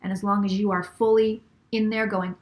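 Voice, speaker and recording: Speaking at normal speed with a flat delivery and mid-range pitch, a middle-aged psychic reader relays channeled messages. She leans on repeated phrases and occasionally drops into a whisper.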